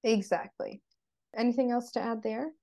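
A woman's voice: fairly high pitch, moderate pace, mellow. A woman co-hosting a podcast, chatting casually and retelling TV scenes in detail with lots of "like" fillers. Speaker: podcast co-host. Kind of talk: casual TV recap chat.

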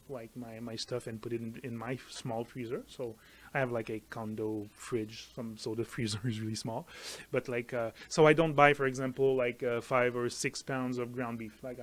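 A man chatting casually as co-host, hesitant and full of fillers. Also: medium pitch. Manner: hesitant, many fillers and restarts. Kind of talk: casual chat.

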